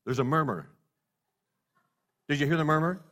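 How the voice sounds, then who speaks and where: A man preaches a sermon in a forceful, bright voice that sits a little high. He swings between ringing exclamations and hushed, low passages, coaxing the congregation to answer back. His voice trails into the long reverb of a church sanctuary. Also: moderate pace. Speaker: pastor.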